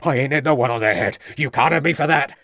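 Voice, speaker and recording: A man's voice: medium pitch, fast talker, a bit bright, no room sound, studio quality, voice pushed up. A man voicing a surly, aggressive farmer suspect who talks in defiant, ungrammatical rustic speech.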